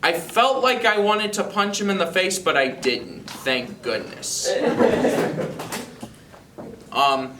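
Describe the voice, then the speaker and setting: A seventeen-year-old young man from North Carolina tells a personal story, halting and amused, with frequent restarts. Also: high voice, big pitch swings, reverberant, far from the mic, background noise. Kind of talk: personal anecdote told to camera.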